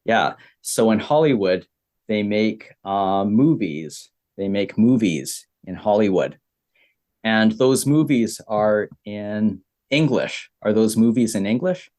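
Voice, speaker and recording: A Canadian man teaching beginner English, repeating simple phrases with many pauses. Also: lowish voice, lively intonation, a little mellow. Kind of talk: slow, simple explaining for beginner learners.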